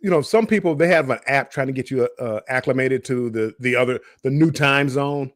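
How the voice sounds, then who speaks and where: A middle-aged man chats on a live cruise stream and rambles through his stories, restarting often and repeating words. His voice sits at an ordinary pitch. The recording is dry and close. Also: brisk, no room sound. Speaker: cruise show co-host. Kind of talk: casual live-stream chat.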